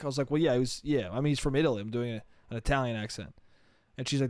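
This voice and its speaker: A man's voice: mid-range voice, racing, darkish tone, no room sound, clean studio sound. Profane rambling man on a solo podcast. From New York State. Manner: rambling, profane, laughs at himself. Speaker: podcast host.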